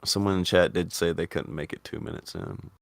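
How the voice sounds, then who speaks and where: A man hosting a casual talk show, animated and swearing, his voice jumping up when he argues. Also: brisk, vocal fry. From Indiana. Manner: animated, swearing, jumps up in pitch when arguing. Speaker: podcast host. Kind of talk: casual chat.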